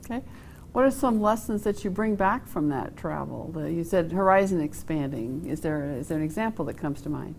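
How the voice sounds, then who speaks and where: A woman interviewer with a somewhat low voice. She puts her questions plainly and directly, sometimes restarting a phrase. Faint background noise and a low rumble sit behind her. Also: animated, a little fast, creaky, a little mellow. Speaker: interview host.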